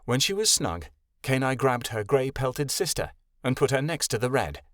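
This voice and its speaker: A male narrator reads a fantasy audiobook with expressive storytelling. His middle-pitched voice moves in a lively way, and the recording is dry and close. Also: normal speed, no room sound. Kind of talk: scripted narration.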